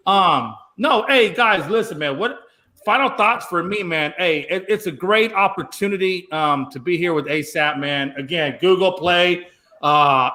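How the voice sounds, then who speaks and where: Male sports co-host, high bright voice, loud blustery banter. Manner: joking, loud and blustery, drawn-out emphatic phrases. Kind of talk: casual sports talk banter.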